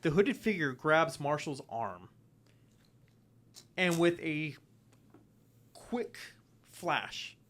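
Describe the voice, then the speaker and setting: A man's voice: on the high side, sing-song, extremely slow, long pauses, fairly bright tone. A man narrating as the game master of a tabletop role-playing game, telling the story loosely and casually.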